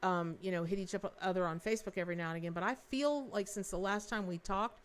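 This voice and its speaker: A woman hosting a live-stream tarot reading, talking in an effusive, rambling way with many restarts and speaking warmly to her viewers. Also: medium pitch, fast talker, smooth. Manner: folksy and affectionate with viewers. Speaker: tarot reader and livestream host.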